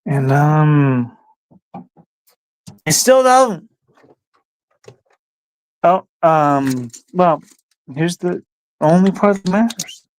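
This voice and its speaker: Drawing out his words and leaving long pauses, a man with a fairly high voice and lively intonation hosts a casual livestream. His talk wanders as he muses aloud, pausing his thoughts to speak to his dog.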